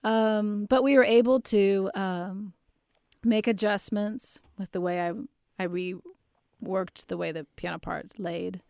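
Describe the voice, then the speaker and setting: A woman's voice: medium pitch, fairly even intonation, takes it slowly, vocal fry, a little mellow, no room sound, studio quality. A woman who teaches singing and plays piano, explaining her views in a thoughtful conversational way. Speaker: voice teacher and pianist. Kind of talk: casual conversation.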